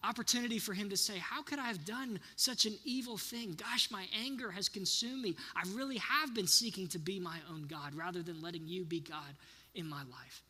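A man's voice: sits high, normal speed, pushed and bright, breathy edge, in a large hall. A man in his thirties giving an earnest sermon, often putting questions to his listeners. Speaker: pastor.

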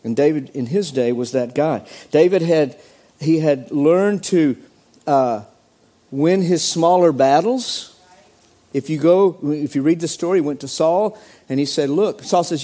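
A male pastor delivers an animated sermon in a fairly high voice. He acts out the people in his story, jumping up in pitch to play them, then drops back to his normal speaking voice. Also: measured pace. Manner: animated preaching, acts out quoted voices with sudden pitch jumps.

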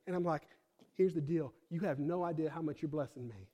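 High-voiced man preaching a casual sermon. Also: fairly quick. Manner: conversational storytelling with fillers, swings from hushed to fired-up. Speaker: pastor.

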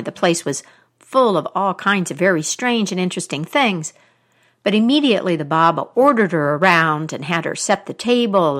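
A woman telling a folk tale aloud, expressive, with dramatic pauses. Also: sits low. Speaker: storyteller.

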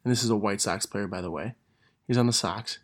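A young man, a gym teacher, telling funny stories in a casual monologue, laughing through them and correcting himself as he goes. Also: on the low side. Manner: laughs through his stories, animated, quick self-corrections.

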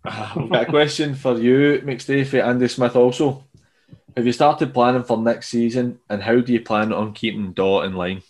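A man's voice: medium pitch, fairly even intonation, moderate pace. A man with a Scottish accent hosting a casual interview, reading out listener questions. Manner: reads out listener questions, laughs along. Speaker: podcast host.

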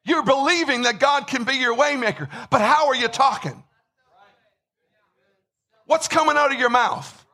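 A man preaching a sermon with emphasis, repeating words and rising to shouts. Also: very high voice, expressive, normal speed, long pauses, slightly rough. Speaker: pastor.

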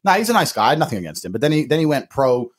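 A man's voice: mid-range voice, very animated, very fast, breathy edge. A man co-hosting a podcast in brash, bragging, hyped banter, cursing freely. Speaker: podcast co-host. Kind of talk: casual boastful podcast banter.

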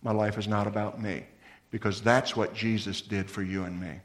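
A man preaching a sermon as a pastor, earnest, moving between lively emphasis and soft, low appeals to his listeners. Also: moderate pace.

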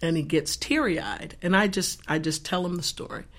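A woman guest telling an earnest faith testimony in an animated way, acting out the voices in her story. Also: on the low side, normal speed. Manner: expressive, acts out the dialogue in her story.

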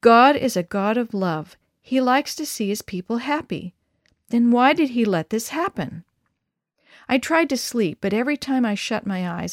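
Expressive woman reading a children's story. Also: dry recording, studio quality. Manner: expressive, shifts pitch for dialogue.

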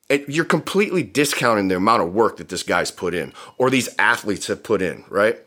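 A man's voice: lowish voice, normal speed, few pauses, sharp tone. A man hosting a podcast, ranting bluntly and heatedly with lots of profanity. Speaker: podcast host. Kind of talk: ranting solo podcast talk.

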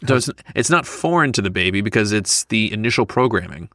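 A man co-hosting a casual educational podcast, explaining things in a playful, easygoing way with quick asides. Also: lowish voice, lively intonation, bright, forceful tone, no echo, studio quality. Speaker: podcast co-host. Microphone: studio microphone.

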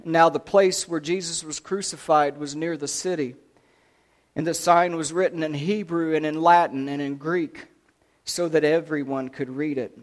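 A man preaching a sermon, retelling a scripture story dramatically, swinging between loud and hushed delivery. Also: on the high side, steady tone, normal speed.

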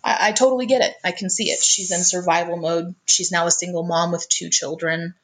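An earnest woman recounts a painful family story in a relaxed, conversational way. Her voice sits a little low for a woman, and she often stumbles and repeats her first words before pressing on. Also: a little fast. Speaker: guest telling her life story.

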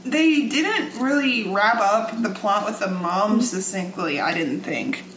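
A woman's voice: medium pitch, expressive, slow pace, fairly bright tone, a little hiss or hum, poor audio. A young woman co-hosting a podcast, chatting casually, hesitant and teasing with lots of fillers. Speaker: podcast co-host. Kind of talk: casual chat.

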